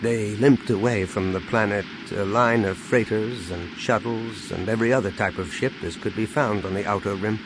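A man reading a science-fiction novel aloud in measured scripted narration. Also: music in the background. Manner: measured, dropping low on sad lines. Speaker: audiobook narrator. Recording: steady background noise.

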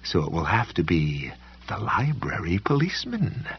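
A man voicing a creepy whispering woman who haunts the hero, drawn-out and taunting. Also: deep voice, wildly swooping pitch, husky, muffled recording, full character voice. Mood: menacing whisper.

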